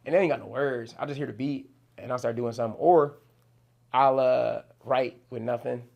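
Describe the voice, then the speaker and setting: The audio is dull, and the young man's mid-range voice is creaky, fairly even in intonation and moderately paced. He's a New Jersey rapper guesting on an interview, loose with slang, heavy on swearing and "you know what I'm saying."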